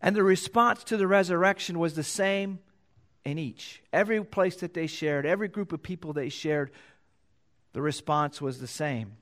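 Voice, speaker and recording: A pastor preaching a sermon, reading scripture aloud and repeating key phrases for emphasis. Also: male voice, moderate pace. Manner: reads scripture louder and higher, then drops low to explain.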